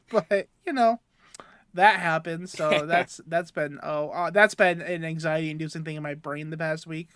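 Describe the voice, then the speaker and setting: A man's voice: fairly high pitch, steady tone, measured pace, a bit bright, a little hiss or hum. A young man co-hosting a podcast, telling a rambling story about himself while laughing between sentences. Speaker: podcast co-host. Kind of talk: casual storytelling chat.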